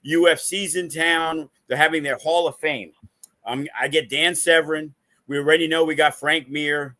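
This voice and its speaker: A man's voice: fairly high pitch, moderate pace. A man hosting a podcast as a wrestling promoter, telling stories casually and acting out the quotes. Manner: animated, acts out quotes. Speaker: wrestling promoter and show host. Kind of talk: casual storytelling.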